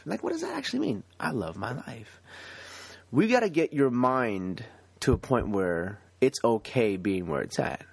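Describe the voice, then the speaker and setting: A man hosting a motivational podcast, talking energetically with laughs. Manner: energetic, laughing, swinging pitch. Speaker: podcast host.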